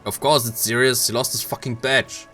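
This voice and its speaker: A man with a German accent voicing a furious, foul-mouthed police partner who shouts and swears. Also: medium pitch, little pitch movement, normal speed, faint music behind, voice pushed up, natural voice. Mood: angry, mocking.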